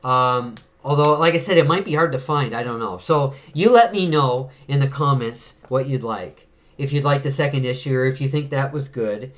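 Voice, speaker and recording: A man's voice: mid-range voice, moderate pace. A man hosting a comic book video, reading a comic aloud and chatting casually with fillers and little chuckles.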